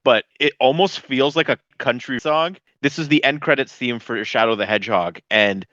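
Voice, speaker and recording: A man's voice: mid-range voice, normal speed, pushed and bright, no room sound. Male co-host, eager casual chatter, dull lo-fi dry mic. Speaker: podcast co-host. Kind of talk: casual chat.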